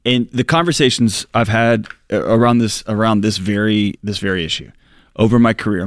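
A man's voice: lowish voice, no echo, clean studio sound. A man co-hosting a talk show, speaking reflectively and restarting phrases as he thinks. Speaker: co-host. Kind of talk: casual radio show chat.

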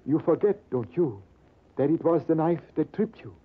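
An old foreign-accented Persian man, pitched up and pleading, as a radio actor puts him on. He speaks with grave, fatherly solemnity. The sound is thin and lo-fi, like an old radio broadcast. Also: expressive, moderate pace, breathy edge. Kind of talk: 1940s radio acting.

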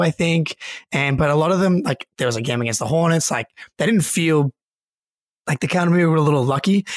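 A man's voice: a little high, dry recording. A man co-hosting a sports podcast, telling rambling stories in casual chat with frequent laughter. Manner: rambling storyteller, laughs often. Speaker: podcast co-host.

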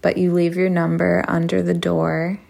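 A woman podcast host telling an intimate erotic story in a slow, hushed, sultry way that drifts into whispers. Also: lowish voice, completely flat delivery, vocal fry.

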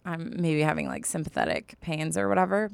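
A woman's voice: low voice, very animated, fairly quick, gravelly, smooth, dry recording. A woman in her twenties co-hosting a podcast, chatting casually with many restarts and fillers. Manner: rambling, many restarts and likes. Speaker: podcast co-host. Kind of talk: casual chat.

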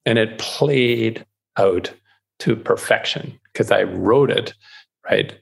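A man, an author being interviewed, talking in a casual podcast conversation, animated and full of restarts, acting out quoted voices. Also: fairly low pitch, takes it slowly, vocal fry, slightly rough. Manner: animated, repeats and restarts words, acts out quoted inner voices. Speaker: author guest.

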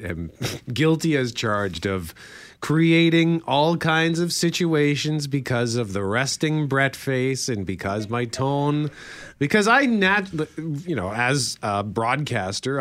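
A male broadcaster whose pitch swings widely as he talks. He gets passionate and loud quickly, then eases back into radio banter and promos. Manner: animated, gets fired up and loud when passionate. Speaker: radio host. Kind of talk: morning radio chat.

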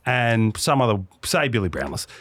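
A man's voice: normal speed, no echo. A man with an Australian accent, a podcast co-host telling a story in casual chat and acting out the quotes. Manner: animated, acts out quotes with big pitch jumps.

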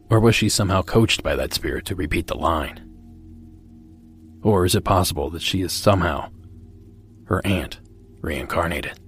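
Male podcast host, measured narration, very deep voice, heavy rasp, faint music.

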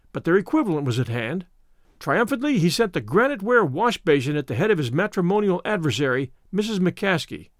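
A man narrates a classic short story with wry, expressive delivery and a fairly high voice that swings widely in pitch. The recording is dry and close, with no room sound. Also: no room sound. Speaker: audiobook narrator. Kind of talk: scripted narration.

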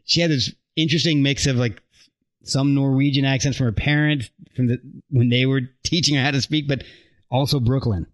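A man's voice: mid-range voice, fairly even intonation, brisk. A man from Central New Jersey hosting a casual podcast, rambling with stammered restarts. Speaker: podcast host.

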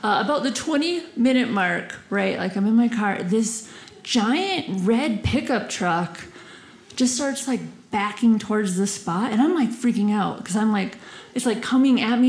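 Giggly high-voiced woman doing stand-up. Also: lively intonation, moderate pace. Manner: giggly, lots of "like", squeaky acted-out voices. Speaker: stand-up comedian. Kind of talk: stand-up storytelling. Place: comedy club stage before a laughing audience. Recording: roomy live club sound with audience.

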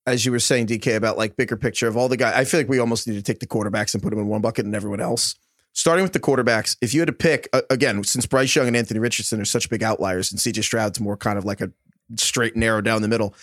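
A man's voice: medium pitch, a bit bright, no echo, studio quality. A man hosting a casual sports podcast, asking long, rambling questions full of fillers. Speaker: podcast host. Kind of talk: casual chat.

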